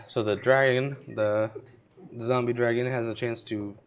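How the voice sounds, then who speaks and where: Man slowly narrating as game master. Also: medium pitch, fairly even intonation, soft background music. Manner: slow, measured narration with frequent laughs.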